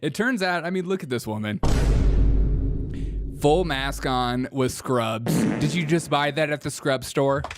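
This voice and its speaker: A man's voice: fairly high pitch, unhurried, over loud music. Laughing, mocking male comedy host. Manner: laughs often, mocking and irreverent; reads chat comments aloud. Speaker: show host. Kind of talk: comedic political commentary.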